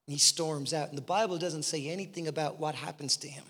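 A man's voice: a little high, quick pace, hardly any pauses, a bit bright. A man preaching a passionate sermon as a guest speaker in a church, driving his points home with repeated rhetorical questions. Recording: long reverb in a hall.

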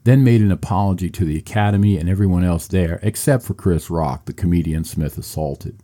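A man's voice: low-pitched, a little fast, mellow. A man delivering a scripted opinion commentary in a sarcastic, mocking way.

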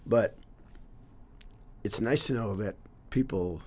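Older coach, low husky voice, earnest and rambling, casual interview. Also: male voice, takes it slowly, a little mellow. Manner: earnest and reflective, trails off with "you know, whatever". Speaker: longtime teacher and coach.

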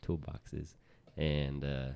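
A man co-hosting a podcast in casual chat, relaxed and talking straight to his listeners. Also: very deep voice, very slow, vocal fry, clean tone. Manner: relaxed, addresses listeners as "you guys". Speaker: podcast co-host.

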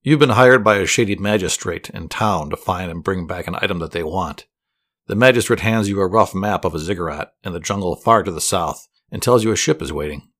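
A man telling a guided fantasy story to relax to, in a soothing, steady voice with dry humor. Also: sits low, a little fast. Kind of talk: calm guided fantasy narration.

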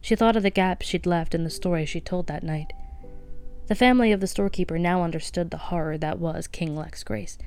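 A woman reading a novel aloud as a podcast host, soft-spoken and lightly voicing the characters. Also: lowish voice, a little fast, clean tone, soft background music. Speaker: audiobook reader.

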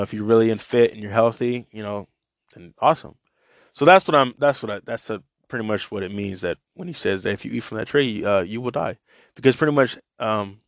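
A man's voice: medium pitch, no room sound, clean studio sound. A man reading the Bible aloud and chatting loosely between verses, full of "you know"s. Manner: loose, filler-heavy asides, many "you know"s. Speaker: Bible reader and teacher. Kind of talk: casual Bible reading with commentary.

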